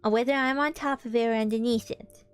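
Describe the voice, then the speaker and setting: A woman voicing a gentle, simple-minded male teddy bear in a slow, earnest storybook way. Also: on the high side, fairly even intonation, smooth, soft background music, lightly acted.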